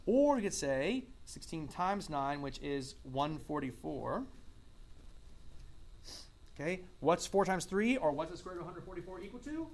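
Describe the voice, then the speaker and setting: A man's voice: fairly high pitch, very animated, normal speed, long pauses. A man teaching a math lesson in a classroom, asking students questions and repeating their answers. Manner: coughs and clears throat now and then. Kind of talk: classroom lecture.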